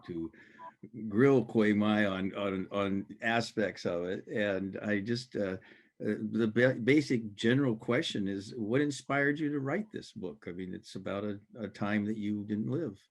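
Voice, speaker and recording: A man's voice: fairly low pitch, measured pace. A man in his seventies, an author leading a conversation over a video call, hesitant and openly enthusiastic. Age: 70s. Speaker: author interviewer. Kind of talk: conversation in an online author event.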